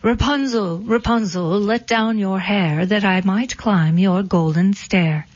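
A woman voicing a smooth-talking, money-minded young prince with a glib, persuasive manner, on a dull lo-fi recording. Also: medium pitch, slow pace, a little mellow, no echo. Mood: calling.

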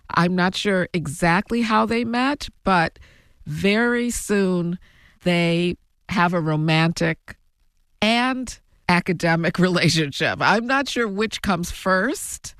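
A woman telling her family story as an interview guest, reflective and given to soft laughs. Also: fairly low pitch, no echo, studio quality. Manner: slow, reflective, laughs softly between thoughts. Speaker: guest, author.

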